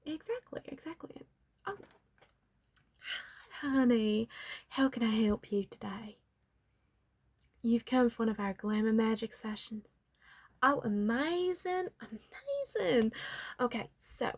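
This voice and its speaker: An ASMR artist plays a chatty makeup and magic salon worker, whispering in a put-on Southern US accent and calling the listener honey and darling. Her mid-range voice has a breathy edge and drifts between whisper and soft speech.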